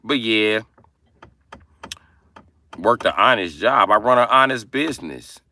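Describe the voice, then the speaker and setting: A man hosting a casual livestream, brash and profane as he roasts his chat, with sudden bursts of yelling. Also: fairly low pitch, expressive, a little slow, a little hiss or hum. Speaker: livestream host.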